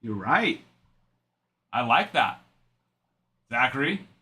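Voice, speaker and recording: Young male card-break host, bright and animated, rambling chatter between card calls. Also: medium pitch, slow. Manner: chatty, rambling asides while reading out cards. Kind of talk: live card-break stream chat.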